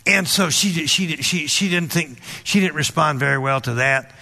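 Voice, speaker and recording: A man's voice: on the high side, moderate pace, bright, forceful tone. A man preaching a sermon, telling a personal story with frequent restarts and emphatic calls to listen. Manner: storytelling, repeats words, emphatic asides.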